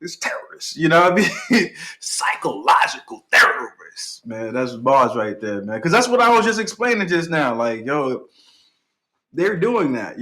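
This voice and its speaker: A young man hosting a reaction video, hyped and chatty, repeating lines he likes and laughing often. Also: on the high side. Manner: excited, repeats phrases, laughs often, hype interjections. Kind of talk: casual reaction commentary.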